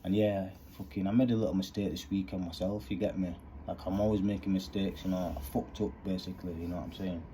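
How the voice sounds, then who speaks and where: Deep earnest man. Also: fairly even intonation, fast talker, hardly any pauses, mellow, slight background noise. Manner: earnest, rambling, street slang. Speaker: vlogger. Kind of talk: candid monologue.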